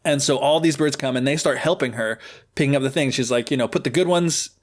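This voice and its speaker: A man's voice: mid-range voice, quick pace. Chatty man retelling a fairy tale. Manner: chatty, joking, many fillers. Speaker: podcast host. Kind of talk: casual storytelling.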